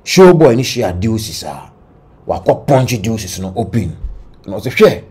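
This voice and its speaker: A Ghanaian man with a low, husky voice recounts celebrity drama in animated commentary. He tells the story in lively bursts, mixing languages as he goes, and his voice carries a rough, breathy texture. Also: a little slow. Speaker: entertainment news commentator. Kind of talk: gossip commentary.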